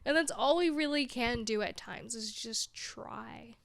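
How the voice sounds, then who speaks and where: A woman's voice: on the high side, measured pace, gravelly, dry recording, clean studio sound. Rambling, weary woman podcaster. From big city. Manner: rambling, self-deprecating, laughs often. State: discouraged and close to tears. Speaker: podcast host. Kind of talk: casual solo podcast monologue.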